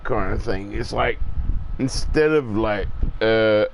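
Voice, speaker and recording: A man's voice: medium pitch, animated, slow, creaky, lo-fi sound, slight background noise. A man in his forties talking in a casual, rambling and profane monologue, with lots of "it's like".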